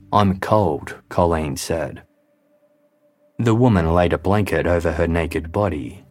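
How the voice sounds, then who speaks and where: Deep-voiced man narrating true crime. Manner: measured, grave storytelling. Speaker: podcast host.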